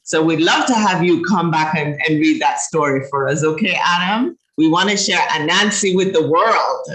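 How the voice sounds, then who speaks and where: A woman hosting a children's show who talks in a bright, forward voice and is casual and encouraging with her guests. Her voice sits in a roomy, echoing space. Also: sits low, normal speed. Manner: warm, encouraging, thankful. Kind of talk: casual chat. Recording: roomy echo.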